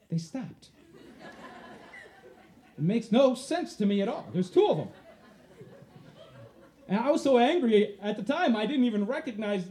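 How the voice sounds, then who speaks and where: A man telling a personal story to a live audience, animated and laughing as he goes. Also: sits high.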